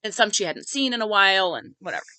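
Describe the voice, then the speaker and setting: Woman podcast host with a bright, tense tone and a dry, close sound; a heartfelt, chatty storyteller who says "like" a lot. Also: medium pitch, very animated, fast, no room sound, rough recording. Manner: conversational, heartfelt, many filler "like"s. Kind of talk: personal storytelling monologue.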